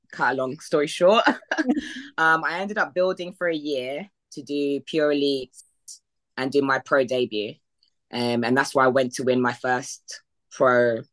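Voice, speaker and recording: A woman from the United Kingdom, a podcast guest, telling her story casually and acting out past conversations with lots of fillers. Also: very deep voice. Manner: retells past conversations in quoted voices, with frequent fillers and laughs. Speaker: podcast guest, bodybuilding athlete.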